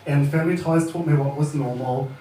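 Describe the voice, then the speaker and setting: At an open mic comedy venue, a thirty-something New Zealander delivers a sweary, laid-back set and chuckles at his own material. His fairly high voice is warm, steady and brisk, heard at a distance in an echoey room with slight background noise.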